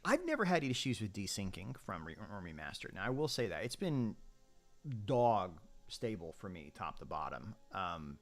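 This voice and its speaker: A man's voice: low voice, big pitch swings, moderate pace, faint music behind. A man giving casual gameplay commentary as a streamer, chatty and thinking aloud while he sets up his army. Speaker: game streamer.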